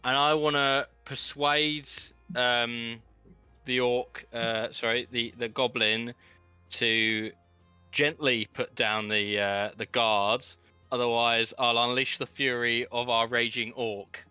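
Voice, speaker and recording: A man speaking hesitantly as a player in a casual tabletop game, often pausing on fillers. His voice is smooth and bright. The sound is dry and a little dull. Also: mid-range voice, steady tone, no echo, soft background music.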